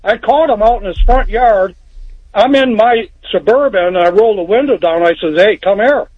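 Texas guy calling in, pretty high voice, rambly, dry muffled phone sound. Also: moderate pace, slightly rough, no echo. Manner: rambling, plainspoken, restarts often. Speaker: caller. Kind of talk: phone-in storytelling. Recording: dull phone line.

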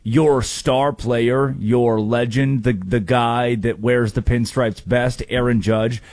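Male sports host, brisk and wry, mid-pitched, dry mic. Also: steady tone, a little mellow, dry recording. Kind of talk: sports talk hosting.

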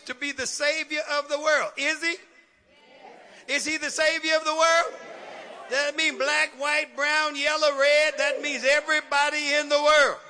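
A man a sermon in a call-and-response style, building from talk to shouts. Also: very high voice, slight background noise. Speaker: preacher.

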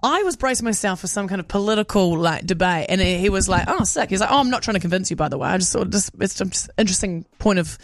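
A woman's voice: mid-range voice, fast talker, hardly any pauses, dry recording. Chatty New Zealand woman telling a story. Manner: animated anecdote-telling, acts out quoted dialogue. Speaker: radio host. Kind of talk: casual storytelling chat.

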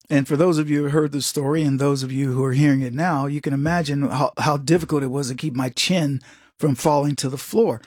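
A man's voice: fairly high pitch, steady tone, a little fast, a little mellow, husky, dry recording, clean studio sound. A middle-aged man hosting a political commentary monologue, emphatic and digressive with sarcastic asides. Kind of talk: opinionated monologue with anecdotes.

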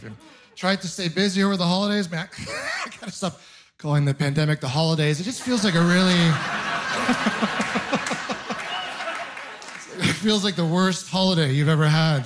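A man's voice: a little high, noisy background. A young man doing a stand-up comedy set, telling wry rambling stories and mocking himself. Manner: wry, rambling storytelling with self-mocking asides. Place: live comedy venue with audience laughter.

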